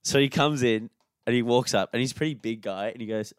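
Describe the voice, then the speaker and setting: A man's voice: medium pitch, fast talker, smooth, dry recording, studio quality. A young Australian man co-hosting a podcast, trading laid-back, jokey banter in casual chat. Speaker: podcast co-host.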